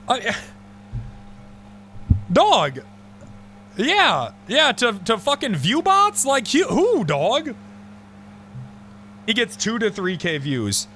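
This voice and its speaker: A man streaming live, chatting casually with an excitable, profane manner and mock-outraged outbursts. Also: high-pitched, slow, pauses often, slight background noise.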